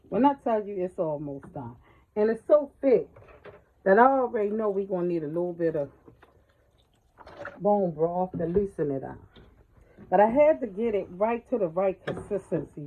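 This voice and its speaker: A woman's voice: mid-range voice, very animated, a little slow, long pauses, husky. A woman hosting a casual home cooking tutorial in her kitchen, chatty and folksy, calling her viewers y'all and baby, recorded on the camera mic as she moves around. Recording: dull lo-fi home video sound with faint noise.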